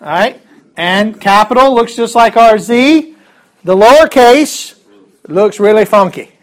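High-voiced upbeat man teaching a class. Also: expressive, unhurried. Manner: upbeat, chatty, joking asides. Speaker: Greek teacher. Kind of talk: classroom lesson.

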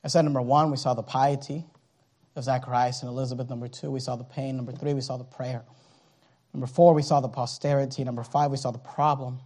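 A male preacher giving a sermon, dramatic and swinging between loud declarations and hushed asides. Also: mid-range voice, level tone, a little fast.

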